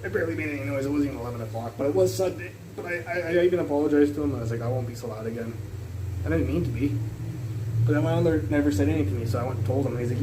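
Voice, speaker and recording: A man live-streaming from his kitchen on a phone, rambling loudly and swearing while he cooks and chats. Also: on the high side, racing, heavy background noise. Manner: rambling, loud, swears a lot. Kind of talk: casual live-stream chat while cooking. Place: home kitchen.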